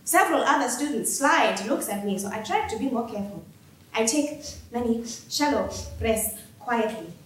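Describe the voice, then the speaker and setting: A woman performing a dramatic first-person story in a staged reading, expressive and wry, heard in an echoey theater hall. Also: a little high, normal speed.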